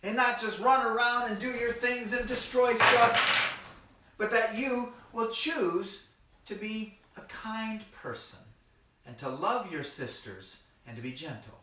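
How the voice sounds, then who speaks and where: A man voicing a stern, calm mother who is scolding her son, speaking slowly and firmly. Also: high-pitched, exaggerated voice. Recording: echoey room, mic far off.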